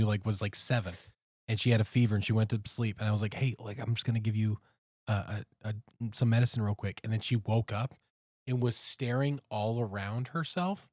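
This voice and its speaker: A man in his thirties co-hosting a podcast, telling stories in an animated, casual way. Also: on the low side, no room sound, clean studio sound. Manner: animated storyteller, says "dude" often. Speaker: podcast co-host. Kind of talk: casual chat.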